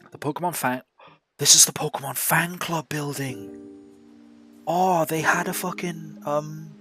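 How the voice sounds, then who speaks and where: A man's voice: a little high, fairly even intonation, unhurried, sharp tone. A man streaming a game who chats casually, swears freely, laughs often and thinks aloud. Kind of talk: casual gameplay chat. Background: game music.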